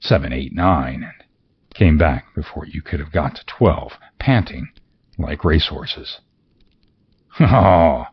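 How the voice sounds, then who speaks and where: Male narrator, slow and very deep, dull lo-fi sound. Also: husky. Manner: expressive, theatrical reading. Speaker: audiobook narrator. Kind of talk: scripted narration.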